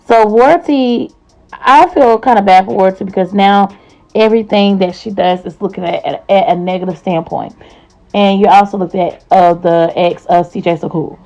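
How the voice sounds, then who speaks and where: A woman's voice: mid-range voice, a little mellow, rough recording. A woman hosts a gossip vlog and recaps online drama in a chatty, casual way, full of slang and asides to her viewers. Her voice sits in a middle register, and she talks straight into the camera. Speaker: host.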